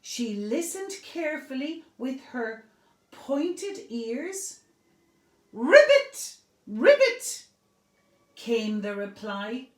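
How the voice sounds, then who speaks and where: Slow sing-song woman reading to toddlers. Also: on the high side, lively intonation, a little mellow, reverberant, far from the mic. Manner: slow, sing-song, asks children questions and praises them. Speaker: preschool teacher reading aloud. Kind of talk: picture-book read-aloud for young children.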